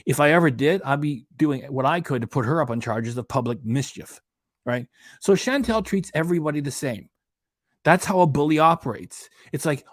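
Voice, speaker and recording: A man's voice: a little high, animated, moderate pace, no echo, clean studio sound. Indignant man ranting on his channel. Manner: indignant, emphatic, repeats points. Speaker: reaction channel host. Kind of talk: casual commentary rant.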